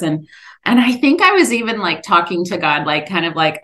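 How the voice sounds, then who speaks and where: Middle-aged woman, guest, lowish voice, earnest storytelling, animated when quoting. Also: moderate pace. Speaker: podcast guest, author. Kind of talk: personal storytelling in an interview.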